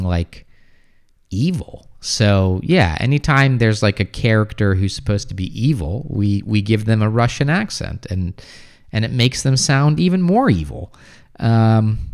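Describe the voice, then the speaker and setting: A young American man hosting a casual livestream, reading viewer comments aloud and answering them in a relaxed way, with lots of fillers and restarts. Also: on the low side. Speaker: livestream host, English teacher.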